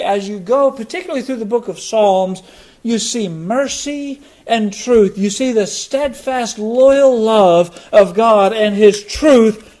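A middle-aged man preaching a sermon, slow and deliberate, letting key words drop low for emphasis. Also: a little mellow. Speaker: pastor.

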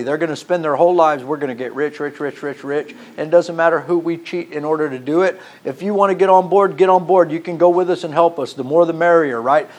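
A man preaching a sermon who reads scripture and swings from loud emphasis to hushed tones, using repeated rhetorical questions. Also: sits high.

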